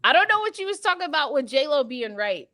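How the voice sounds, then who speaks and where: A woman with a New York accent co-hosting a podcast, chatting in a playful, slangy, animated way. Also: sits high, quick pace. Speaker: podcast co-host. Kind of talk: casual chat.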